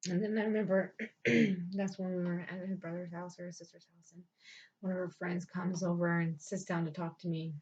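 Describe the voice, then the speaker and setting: Frank, foul-mouthed woman storyteller; lower register, muffled lo-fi recording. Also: level tone, normal speed, darkish tone, breathy edge. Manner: blunt, frustrated, profane. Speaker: vlogger telling her life story. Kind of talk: candid storytelling, heavy swearing. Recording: dull lo-fi sound.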